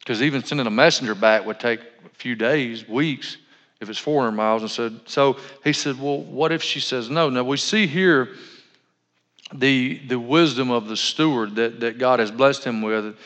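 A man's voice: mid-range voice, normal speed, fairly bright tone. A man preaching a sermon as pastor, conversational and full of asides and self-corrections. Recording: dull lo-fi sound in a reverberant hall.

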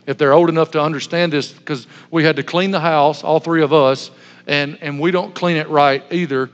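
A man's voice: on the high side, steady tone, moderate pace, dull audio. A man pastor giving a sermon, telling stories in a humorous, self-deprecating way. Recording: long hall reverb.

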